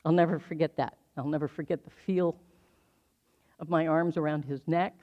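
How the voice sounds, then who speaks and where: An older minister from the United States gives a slow, reflective sermon in a middle-pitched voice. They weave personal memory into the message and lean on repetition for emphasis. The stream audio is slightly dull and lo-fi. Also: steady tone. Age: 60s.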